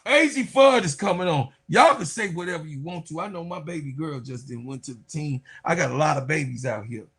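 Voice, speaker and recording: High, husky-voiced man breaking down basketball. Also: fairly quick. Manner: animated, addresses viewers directly, trails off into asides. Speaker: sports commentator. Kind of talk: casual basketball commentary.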